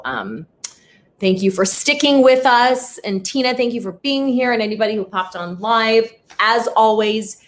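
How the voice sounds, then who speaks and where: A young adult woman hosting a podcast in casual chat, telling stories in an animated, self-deprecating way. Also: on the low side, slight background noise. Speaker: podcast host.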